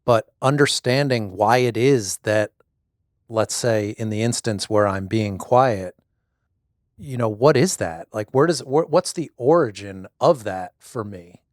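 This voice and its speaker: A man's voice: fairly low pitch, measured pace, no room sound, studio quality. A middle-aged man reflecting thoughtfully and hesitantly in a casual conversation, often restarting his sentences. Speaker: guest, husband.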